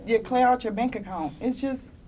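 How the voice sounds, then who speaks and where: A young panelist at a conference, seated in a meeting room, gives emotional personal testimony, sincere and frequently close to tears, with bursts of rueful laughter. She speaks at a moderate pace in a mellow voice on the high side.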